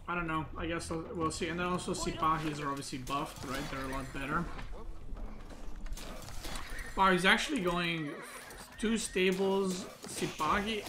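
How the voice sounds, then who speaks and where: Casual man analyzing a match over music. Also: high-pitched. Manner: thinks aloud, filler-heavy, says "like" and "right?" a lot. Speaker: game analysis host. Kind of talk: casual commentary on a recorded match.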